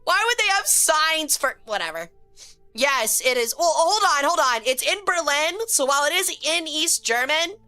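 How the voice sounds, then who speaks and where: A woman streamer giving casual live game commentary, excitable and quick to swear, chatting with her viewers. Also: high-pitched, soft background music. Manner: excitable, swears a lot when frustrated, chats with viewers.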